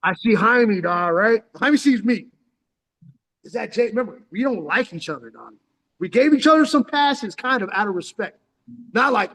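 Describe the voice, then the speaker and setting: A man in his forties from San Diego spins stories in casual chat. His voice sits high, and his talk is loose street slang. He keeps calling his listener "dog" and acts out what everyone said. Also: a little fast. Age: 40s. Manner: street slang, keeps saying "dog", animated retelling with acted-out quotes. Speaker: storyteller.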